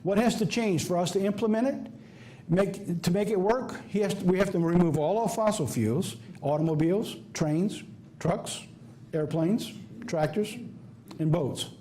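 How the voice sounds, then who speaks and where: A man's voice: high voice, moderate pace, dark tone, a little hiss or hum. A man with a Southern US accent preaching a sermon, emphatic and folksy, firing off rhetorical questions. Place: church office or studio.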